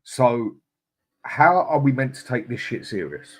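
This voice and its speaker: A man's voice: mid-range voice, big pitch swings, unhurried. A man hosting a live football stream, ranting angrily and swearing, then reading out and greeting viewers in the chat by name. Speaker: host.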